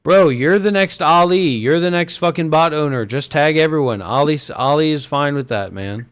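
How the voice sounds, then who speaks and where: A man's voice: on the high side, normal speed, clear, resonant tone. A man hosting an online voice chat stage, talking casually, crude and swearing, trading insults.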